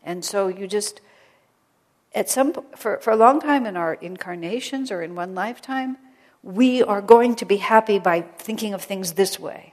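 A woman giving an informal spiritual talk to a small group, gentle and conversational, sometimes dropping almost to a whisper. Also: mid-range voice, moderate pace. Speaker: spiritual teacher. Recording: long reverb of a hall.

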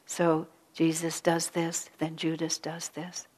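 A woman with a slightly low voice gives a spiritual storytelling talk. She speaks softly and reflectively, often sinking to a near whisper. She repeats key phrases for emphasis. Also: completely flat delivery, slow pace, big-room sound. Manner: soft-spoken, often drops to a hush. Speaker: spiritual teacher.

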